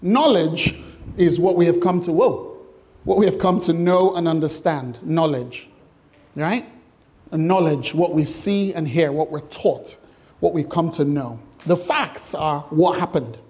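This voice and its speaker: Male pastor, high voice, chatty, jokey, interactive sermon, quizzing the congregation. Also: measured pace, a little mellow. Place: church hall with congregation.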